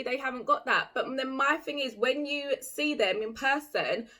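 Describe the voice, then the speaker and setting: Chatty woman, slightly high. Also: pushed and bright. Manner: blunt, chatty, opinionated, lots of "like". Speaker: vlogger. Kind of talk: casual chat to camera.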